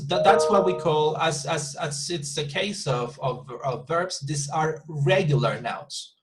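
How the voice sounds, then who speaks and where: A man's voice: a little high, rough recording. Patient male teacher. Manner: patient, repeats and restarts words while explaining. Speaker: English teacher. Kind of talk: online class instruction.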